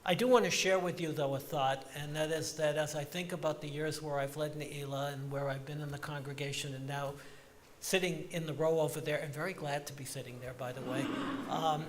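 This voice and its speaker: A man's voice: fairly high pitch, fairly even intonation, a little fast, slight background noise. Man speaking in a reverberant synagogue. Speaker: congregation member giving a reflection. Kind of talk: sermon-like reflection. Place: large synagogue sanctuary.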